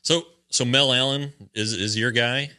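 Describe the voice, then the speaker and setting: A man's voice: medium pitch, fairly even intonation, unhurried, pushed and bright, clear, resonant tone. A man hosting a sports podcast, interviewing a guest with eager short reactions. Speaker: podcast host.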